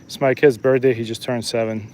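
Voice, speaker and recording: A man's voice: mid-range voice, little pitch movement, fairly quick, darkish tone, a little hiss or hum. A man in his thirties chatting and joking casually to viewers while he live-streams a fishing trip outdoors. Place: outdoors by a lake.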